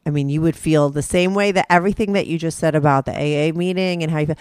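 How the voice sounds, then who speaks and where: A woman's voice: sits low, fast talker, a little mellow, clean tone, dry recording, studio quality. A woman hosting a candid conversation, giving frank, direct advice.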